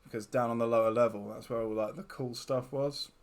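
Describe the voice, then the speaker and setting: A man's voice: mid-range voice, fairly even intonation, fairly quick. A man hosting a casual podcast about films, joking and laughing often as he chats. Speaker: podcast host. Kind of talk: casual film chat.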